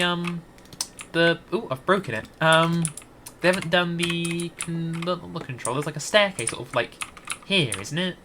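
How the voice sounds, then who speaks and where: A man's voice: on the high side, background noise. A Scottish man giving rambling, hesitant gameplay commentary into a desk mic, with many restarts. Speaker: gaming YouTuber.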